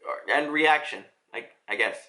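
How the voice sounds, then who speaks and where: A man's voice: medium pitch, moderate pace, pushed and bright. A young man casually reviewing a manga chapter on his own, rambling, swearing and laughing as he goes. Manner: loose, profane, rambling, with laughs. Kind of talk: casual solo review vlog.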